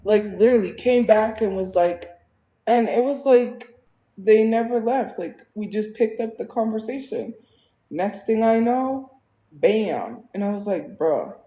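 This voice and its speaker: Slow-talking exasperated woman venting. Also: medium pitch, lively intonation, echoey room, dull audio. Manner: venting, exasperated, lots of fillers. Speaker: livestreamer. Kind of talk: casual venting livestream chat.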